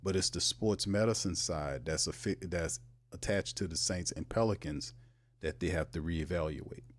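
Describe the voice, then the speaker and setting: A man hosting a casual live sports talk show, animated and emphatic, with sudden jumps in pitch. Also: moderate pace.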